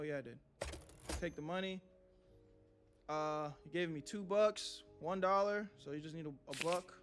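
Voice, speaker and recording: Young man, streamer, high voice, jittery, swearing, faint music behind. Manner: jittery, swearing, talks to chat. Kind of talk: live gameplay commentary.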